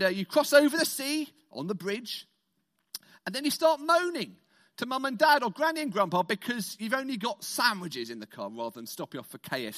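A man from Britain preaching to an all-age congregation in an animated, playful way. His voice sits high and swings widely in pitch. He draws the congregation into call-and-response.

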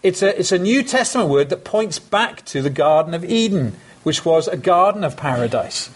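A man's voice: high voice, expressive, moderate pace, slightly rough. A man preaching a sermon, earnest and conversational, with emphatic asides to his congregation.

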